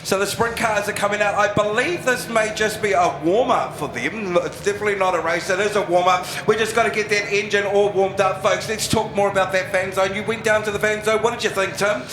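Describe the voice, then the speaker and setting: A man's voice: high-pitched, steady tone, fairly quick, few pauses, echoey room, noisy background. A man commentating live at a speedway, hyping up the crowd. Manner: upbeat, hypes the crowd. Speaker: speedway announcer.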